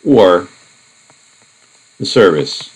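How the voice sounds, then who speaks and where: A man with a low, deep voice working through a math lecture, casual and explanatory. He talks his way through each step with frequent asides and fillers, as if thinking aloud at the board. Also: lively intonation, drawn-out words, slightly rough, rough recording. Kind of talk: recorded lecture.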